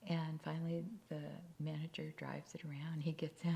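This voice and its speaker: A woman telling faith stories in a casual talk, with halting restarts and whispered asides. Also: low-pitched, level tone, vocal fry, mellow. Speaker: speaker.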